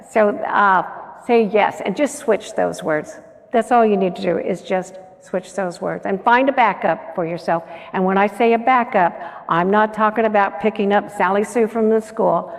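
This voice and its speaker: A woman's voice: mid-range voice, moderate pace. A woman giving a motivational conference talk, earnest and coaxing, often putting questions to the audience. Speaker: conference keynote speaker. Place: large conference hall. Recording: echoey conference hall.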